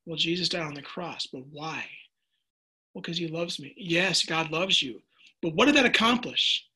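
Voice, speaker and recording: A middle-aged male preacher delivers a fervent radio sermon, often tripping over and repeating his words. His voice sits high for a man, with a bright, husky edge. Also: normal speed. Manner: passionate, repeats words when excited. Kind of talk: sermon with listener texts.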